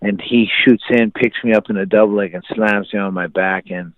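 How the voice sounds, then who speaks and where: A man in his forties with a low voice tells a story on a podcast in a relaxed, casual way, acting out the voices of the people in it. The sound is tight and dry, like a phone line. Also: moderate pace, dry recording. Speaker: podcast guest.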